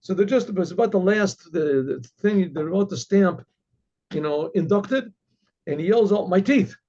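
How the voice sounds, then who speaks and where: A man, a rabbi, telling a story in a halting way, with restarts and frequent throat clearing. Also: high-pitched, expressive, warm tone, lo-fi sound. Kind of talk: oral storytelling.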